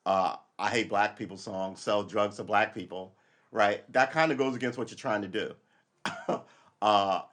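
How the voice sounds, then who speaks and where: A man hosting a live podcast, rambling and opinionated, swinging from loud outbursts to low asides. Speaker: podcast host. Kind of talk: casual live commentary.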